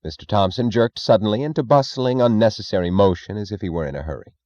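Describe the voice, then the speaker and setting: A man narrating an audiobook in a steady, deliberate reading. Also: fairly low pitch, no echo, muffled recording.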